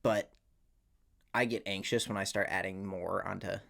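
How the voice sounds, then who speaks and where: Gravelly-voiced man, self-deprecating. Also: deep voice, fairly even intonation, normal speed, fairly bright tone. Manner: self-deprecating, anxious, candid with swearing. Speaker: podcast co-host. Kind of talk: casual chat.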